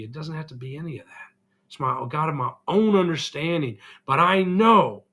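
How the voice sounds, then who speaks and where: A man's voice: medium pitch, bright, forceful tone. A middle-aged man vlogging an earnest, emotional personal reflection, still getting over an illness. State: recovering from illness, congested.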